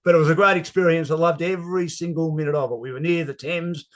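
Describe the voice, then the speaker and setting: A man's voice: on the high side, fast. Aussie sports broadcaster guy, middle-aged, chatty storyteller in an interview, lots of uhs. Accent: Australian. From Australia. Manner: animated storyteller, casual filler words.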